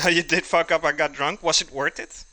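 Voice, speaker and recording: A man's voice: a little high, fairly even intonation, moderate pace, bright, forceful tone, dry recording. A man hosting a live cooking stream, chatting casually with his viewers, joking, laughing often and answering their messages while he cooks in his kitchen. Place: home kitchen.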